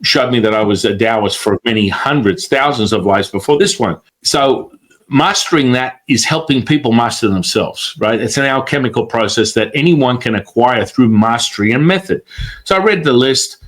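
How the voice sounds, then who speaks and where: A man's voice: medium pitch, normal speed. A man telling a story in casual conversation as a guest, acting out the voices of the people he quotes. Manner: animated, acts out quoted voices.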